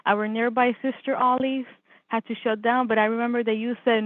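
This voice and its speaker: Woman, program coordinator, earnest, measured, tinny phone-like audio, dry. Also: a little high, level tone, no echo. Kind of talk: formal thanks on a video call.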